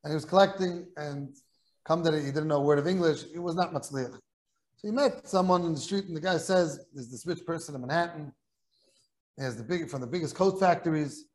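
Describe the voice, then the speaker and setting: A man, a rabbi, giving a Talmud class in a kollel study hall, telling a story in an animated way and repeating words when excited. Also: a little high, fairly quick.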